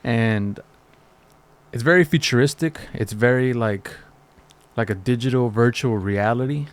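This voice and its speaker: A man's voice: mid-range voice, a little slow, clear, resonant tone. Laid back podcast guy, mid voice, slangy, lots of likes and uhs. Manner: relaxed slangy talk with fillers. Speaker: podcast co-host. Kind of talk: casual chat.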